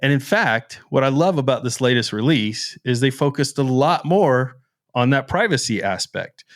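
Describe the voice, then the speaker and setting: A man co-hosting a casual tech podcast, playful and excitable, joking one moment and explaining features at length the next. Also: medium pitch, normal speed. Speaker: podcast co-host.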